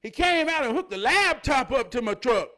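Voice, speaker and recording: A man gives a motivational monologue, telling stories and preaching, sometimes loud, sometimes low. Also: sing-song, moderate pace. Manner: preachy, storytelling, swings from loud to near-murmur. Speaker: motivational speaker.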